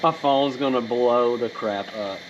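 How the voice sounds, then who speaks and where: A man with a Southern US accent narrating his hunt, excitable and fast-talking, often outdoors in the woods. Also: mid-range voice, highs cut off, background noise. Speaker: hunting vlogger. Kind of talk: hunting vlog narration and field commentary.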